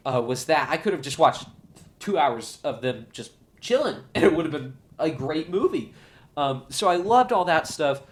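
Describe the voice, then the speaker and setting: A man hosting his own show, giving an excited, gushing solo movie review. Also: fairly high pitch. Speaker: show host, film reviewer.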